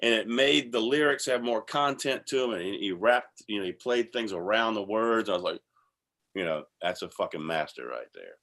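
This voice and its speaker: A man with a very deep, low voice tells a casual story. He swears freely, talks in quick animated bursts and laughs often. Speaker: guest musician.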